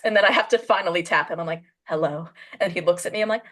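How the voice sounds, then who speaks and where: A woman hosting a podcast over a video call, telling a story in a casual, animated way and acting out the voices of the people she quotes. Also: on the low side, very fast, hardly any pauses.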